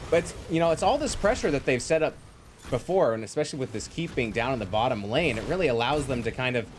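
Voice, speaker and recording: A man casting a live esports match with energetic play-by-play, calling out fights and thanking viewers. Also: medium pitch, quick pace, a little hiss or hum. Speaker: esports caster.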